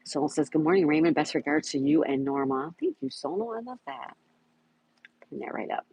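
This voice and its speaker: A man's voice: on the high side, big pitch swings, brisk, creaky, darkish tone, slightly rough, poor audio. A man hosting a casual livestream, reading viewer comments aloud and greeting chatters by name. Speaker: livestream host. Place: home in Florida.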